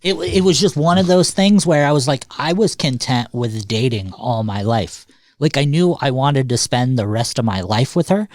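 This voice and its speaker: A man's voice: mid-range voice, no room sound. A man co-hosting a podcast, telling rambling, self-correcting anecdotes in casual chat with swearing and laughter. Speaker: podcast co-host.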